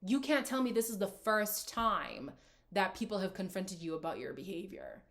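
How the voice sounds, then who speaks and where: A woman hosts a reality TV reaction, talking casually into a close mic at a mid-range pitch. She sounds animated and sarcastic, and often exasperated as she picks apart what she watched. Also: moderate pace.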